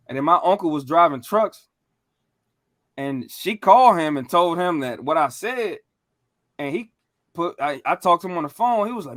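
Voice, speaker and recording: A man on a podcast telling stories in a casual, animated way, full of slang and profanity. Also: high voice, moderate pace, no room sound, clean studio sound. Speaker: podcast co-host.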